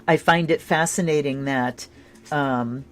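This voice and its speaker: A woman's voice: low-pitched, measured pace. Chatty woman giving a tarot reading. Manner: rambling, chatty, with bursts of excitement. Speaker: tarot and astrology reader. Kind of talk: casual livestream tarot reading.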